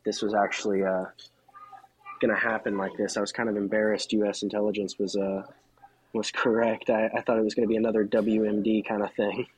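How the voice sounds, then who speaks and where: A man's voice: on the low side, level tone, fairly quick, rough recording. A man from the United States, a freelance journalist and podcast guest, speaking candidly and thinking aloud with restarts. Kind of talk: casual podcast conversation.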